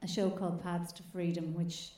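A woman's voice: on the low side, moderate pace, reverberant. A woman comedian with an Irish accent telling stories in a casual chat, laughing and swearing. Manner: animated, laughing, swearing storytelling. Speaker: comedian guest.

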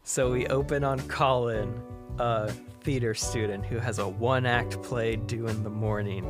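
A podcast co-host in casual brainstorming chat, easygoing and quick to laugh, reading out a sketch outline. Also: mid-range voice, fairly even intonation, music in the background.

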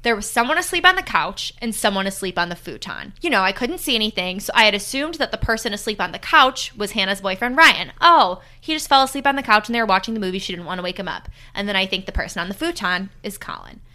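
Bright chatty young woman storyteller. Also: medium pitch, animated, fast, few pauses. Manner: chatty, lots of "like" and "you know". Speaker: podcast host. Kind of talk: casual storytelling.

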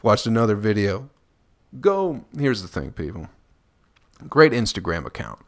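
Man, podcast host, low voice, gravelly fry, profane rambling comedy, dry close recording. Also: very animated, measured pace, no room sound. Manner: rambling, profane, laughs at his own jokes. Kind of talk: crude comedic podcast monologue.

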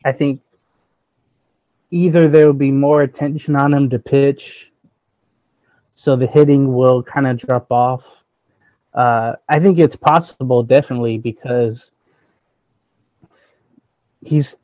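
A man's voice: medium pitch, fairly even intonation, slow pace, long pauses, no room sound, highs cut off. A man co-hosting a casual baseball podcast who talks hesitantly, thinking aloud with many fillers. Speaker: sports podcast co-host.

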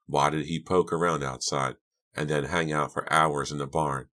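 A man's voice: extremely low pitch, steady tone, normal speed, pushed and bright. A man voicing a thoughtful teenage boy who reasons things out and soothes others, in an audiobook.

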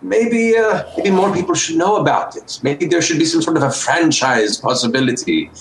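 Man playing a flattering dwarf. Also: fairly high pitch, normal speed, reverberant, a little hiss or hum, rough recording. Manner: flattering, hesitant, full of fillers. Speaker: player. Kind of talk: in-character role-play.

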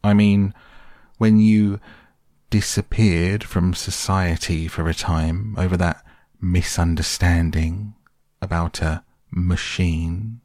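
A man's voice: deep voice, a little slow, vocal fry, a little mellow, dry recording, clean studio sound, exaggerated voice. A man doing a sensible lecturing water rat. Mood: insistent.

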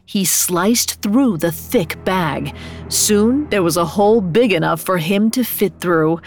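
A woman storyteller reading a scripted fairy tale aloud. Her delivery is expressive, lifting on suspenseful moments. Her pitch sits in a middle range, with soft music under her voice. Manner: expressive, with rises on dramatic beats.

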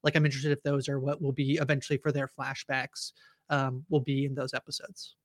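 A man co-hosting a TV recap podcast who talks in halting starts and restarts. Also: mid-range voice, completely flat delivery, no echo, clean studio sound. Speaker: podcast co-host. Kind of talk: casual recap chat.

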